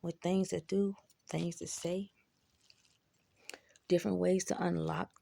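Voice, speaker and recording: A woman's voice: fairly low pitch, level tone, slow, gravelly, dark tone. A woman telling personal stories in a laid-back, rambling way, swearing freely and adding asides. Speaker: vlogger. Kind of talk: casual storytelling.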